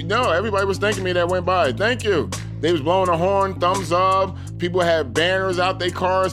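A man, an armored car guard, telling his story in an animated way and acting out what people said. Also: high-pitched, brisk, few pauses, over music. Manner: animated, acts out quotes. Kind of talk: storytelling interview.

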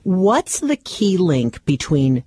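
Radio host, brisk and upbeat, husky voice, dry studio sound. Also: mid-range voice, sing-song, a little mellow, dry recording. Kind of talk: radio presenting.

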